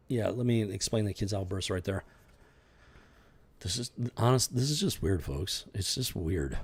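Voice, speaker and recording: A man's voice: lowish voice, a little mellow. A man hosting a comic book review show, ranting in exasperated, incredulous casual commentary. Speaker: podcast host reviewing comics.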